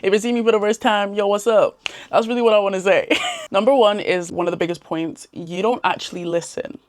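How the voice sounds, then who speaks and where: A woman's voice: medium pitch, a little fast, a little mellow, no room sound. A young woman giving casual, chatty advice to camera in a slangy way. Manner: chatty and slangy, laughs often. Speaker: self-improvement vlogger.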